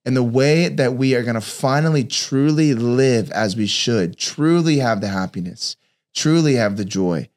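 A father shares a personal devotional talk, earnestly recounting stories and voicing the people in them. His voice sits at a medium pitch, slightly mellow, and he takes his time.

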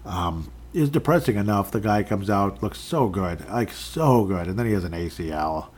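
A man's voice: lowish voice, expressive, normal speed, a little mellow, husky. A man hosting a casual sports recap podcast, rambling and joking with asides as he runs through the scores. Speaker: podcast host.

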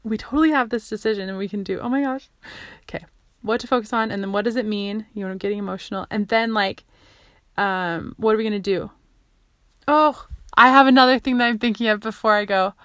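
A woman talking casually in her own vlog, rambling and excitable, often breaking off mid-sentence and restarting. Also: medium pitch, a little fast, dry recording, clean studio sound. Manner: rambling and excitable, many fillers, self-interrupting. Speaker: vlogger sharing what she learns. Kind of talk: casual self-recorded monologue.

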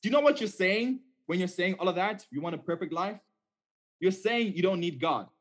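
A man preaching a sermon in a conversational, animated storytelling way, often checking in with "okay?". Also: high voice, brisk.

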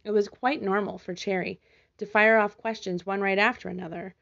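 A woman narrating a children's animal storybook in a gentle, measured way. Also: mid-range voice, fairly even intonation, gravelly, muffled recording. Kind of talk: scripted narration.

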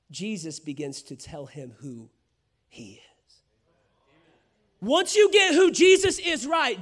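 A man preaching a sermon as pastor, energetic and building to shouts, acting out quoted lines from scripture. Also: very high voice. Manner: acts out Bible characters' lines in quoted voices.

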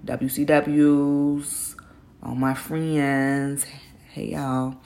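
A woman's voice: sits low, little pitch movement, extremely slow, a little mellow. A middle-aged woman hosting a casual solo podcast, talking candidly in slangy, self-encouraging speech, openly nervous, her voice groggy from the early morning. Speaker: podcast host.

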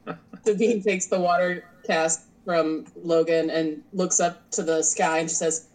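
A woman's voice: on the low side, steady tone, unhurried, darkish tone, rough recording. A woman playing a tabletop role-playing game, playfully describing what her character does. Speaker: player. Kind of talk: casual tabletop play.

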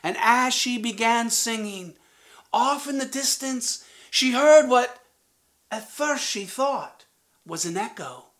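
A woman hosting a storytelling show, narrating an old folktale gently and inviting listeners to sing along. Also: fairly high pitch, expressive, takes it slowly. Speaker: storyteller and podcast host. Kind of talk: slow spoken folktale narration.

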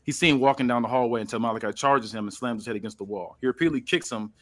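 Dude rambling thru a match recap, lots of uh and like, average pitch. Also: male voice, rapid-fire. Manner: rambling, heavy with fillers like "uh" and "like". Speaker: podcast host. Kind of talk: casual play-by-play recap.

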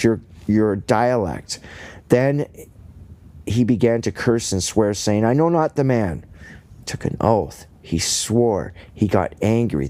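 A man with a fairly low voice leads a homespun Bible study podcast. He reads scripture, then explains it in plain, folksy talk with joking asides. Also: dark tone. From Canada. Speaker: podcast host and lay preacher. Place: rural home, indoors.

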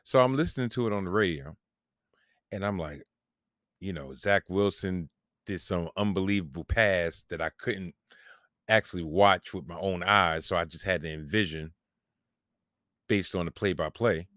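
A man's voice: sits low, normal speed, pauses often, a bit bright, no echo, clean studio sound. A man, hosting a solo podcast and telling a long, rambling, profane story about himself with self-mocking humor. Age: 40s. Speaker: podcast host.

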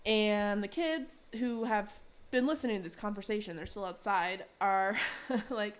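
A woman's voice: medium pitch, unhurried. A young adult woman co-hosting a podcast, recapping a show episode in a casual, giggly way and quoting characters in playful voices. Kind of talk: casual chat.

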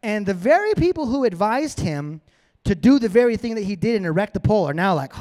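A man's voice: high voice, lively intonation, fairly quick, darkish tone. A man preaching a sermon, retelling a scripture story in a casual, playful way and acting out the characters' lines.

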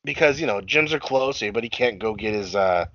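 Young guy cussing and laughing on a podcast, bright lively voice, kinda dull dry recording. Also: on the low side, brisk, no room sound. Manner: profane, self-deprecating, laughs often. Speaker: podcast co-host. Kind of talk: casual podcast chat.

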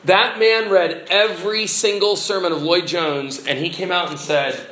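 A man's voice: high voice, fairly even intonation, normal speed, a bit bright, echoey room, a little hiss or hum, poor audio. A man preaching a sermon as pastor, earnest and exhorting, putting questions to the congregation.

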